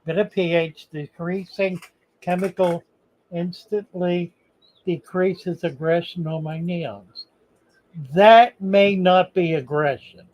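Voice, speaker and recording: Slow-talking older male stream host. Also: high voice, fairly even intonation, darkish tone, poor audio. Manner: slow, halting, reads chat comments aloud. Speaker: livestream host answering viewer questions. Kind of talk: casual livestream chat.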